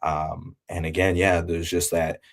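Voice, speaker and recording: A man's voice: deep voice, level tone, measured pace, creaky. A man talking as the guest artist in a casual interview, reflective and loose, with many fillers.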